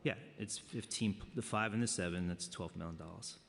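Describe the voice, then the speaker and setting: A man's voice: deep voice, brisk, gravelly. A man testifying at a budget hearing, hesitant and hedging, with many fillers. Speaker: city agency official testifying. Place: large council chamber. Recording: long chamber reverb.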